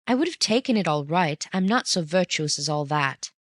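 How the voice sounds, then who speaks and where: A reader voicing an earnest young male sidekick who protests and takes offence quickly, in an audiobook reading. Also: medium pitch, animated, fairly bright tone, no room sound, studio quality, lightly acted. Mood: indignant.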